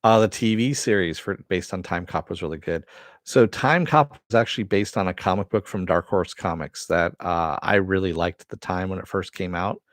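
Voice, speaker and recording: A man's voice: deep voice, moderate pace, dry recording, studio quality. A man hosting a casual live-stream chat, answering viewers and swearing now and then. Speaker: host.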